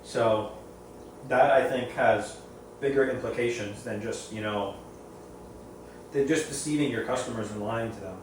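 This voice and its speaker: Male reef hobbyist, rambling opinionated storyteller, mid pitch, recorded from a distance in a very echoey room. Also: measured pace, long pauses, darkish tone. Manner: rambling, repeats and restarts phrases. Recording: very echoey room, far from mic, faint noise.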